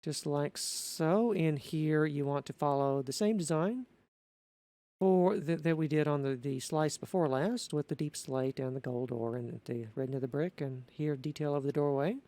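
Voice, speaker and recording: A man talking through a building tutorial in an unscripted voice-over, methodical and halting, often correcting himself. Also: a little high, mellow, no room sound.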